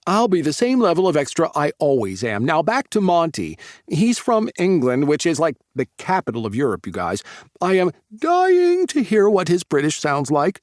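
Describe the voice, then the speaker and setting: A man voicing an exuberant, excitable young man who squeals and gushes. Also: moderate pace, no echo, clean studio sound. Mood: gushing. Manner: shrill, squealing, gushing.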